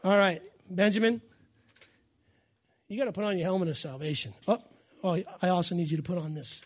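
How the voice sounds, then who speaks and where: High-voiced fiery preaching man. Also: a little fast. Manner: fiery, shouting, repeats phrases. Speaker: pastor. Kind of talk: sermon. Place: church.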